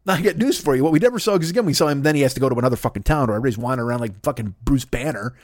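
A man's voice: medium pitch, expressive, rapid-fire, dry recording, clean studio sound. A man in his forties hosting a podcast, ranting in a profane, rambling comedic monologue. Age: 40s. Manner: profane, rambling, exasperated rant. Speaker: podcast host.

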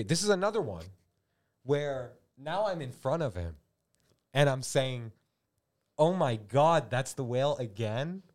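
A man's voice: fairly low pitch, a little mellow. A man hosting a comedic podcast, talking in a jokey, rambling way and slipping into squealing voices for quotes. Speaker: podcast host. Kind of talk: comedic casual chat.

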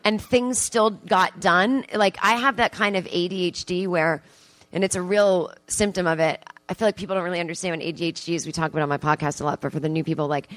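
A woman comedian telling a story live on stage, self-mocking and animated, acting out her own thoughts. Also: fairly low pitch, no room sound. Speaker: comedian and podcast host. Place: theatre stage with audience.

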